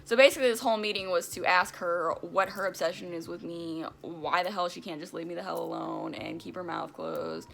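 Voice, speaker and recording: A woman's voice: fairly low pitch, fairly even intonation, a little fast, gravelly, few pauses, a bit bright. A young woman vlogger animatedly retelling a personal story, with emphatic, casual swearing. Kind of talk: storytime vlog.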